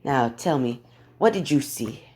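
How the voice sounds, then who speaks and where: A man voicing a cold, all-powerful teenage boy who talks calmly and mockingly. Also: mid-range voice, measured pace, a little hiss or hum, natural voice. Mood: menacing calm. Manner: calm, soft, mocking.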